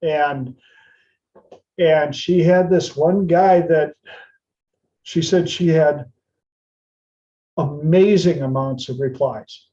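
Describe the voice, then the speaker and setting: A man hosts a podcast and spins a casual anecdote at an unhurried pace. His voice sits a little high yet sounds mellow and relaxed. The recording is dull and lo-fi. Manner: retells anecdotes, slipping into playful voices for the people in them. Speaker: podcast host. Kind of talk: casual storytelling monologue.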